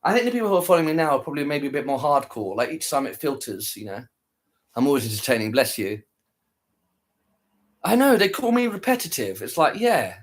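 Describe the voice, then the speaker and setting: A worn-out man talks loosely to his viewers after a long live stream. His voice sits a little high for a man, and he rambles, repeats phrases and lets sentences trail away. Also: sing-song, fairly quick. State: tired, worn out.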